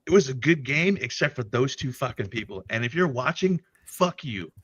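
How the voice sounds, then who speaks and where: A man's voice: medium pitch, expressive, normal speed, dull audio, very noisy. A man in his forties telling profane, laughing stories in a casual livestream chat. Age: 40s. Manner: profane, laughing, vivid storyteller.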